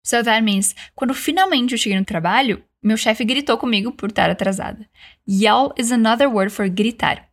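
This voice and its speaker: Woman teaching English slowly. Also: on the high side. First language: Brazilian Portuguese. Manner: slow, carefully enunciated model sentences. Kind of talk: language lesson with repeat-after-me drills.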